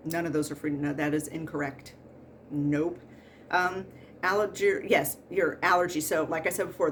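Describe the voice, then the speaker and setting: A woman's voice: low voice, slight background noise. A woman in her forties, a nurse hosting a podcast, telling work stories in a casual comedic monologue with exasperated, laughing rants. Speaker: pre-surgery nurse and podcast host.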